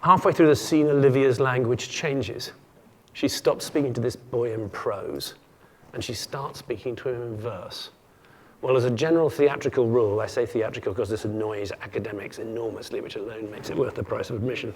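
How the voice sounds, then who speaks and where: A man's voice: medium pitch, moderate pace, darkish tone, slightly rough. A man giving a humorous keynote lecture to an audience, playful and jokey, often stumbling and restarting his sentences. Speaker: keynote speaker.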